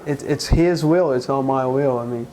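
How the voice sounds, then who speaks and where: A man from Brazil, a guest in an interview, speaking earnestly and haltingly, with frequent restarts. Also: mid-range voice, darkish tone, slight background noise, rough recording. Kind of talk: conversational interview.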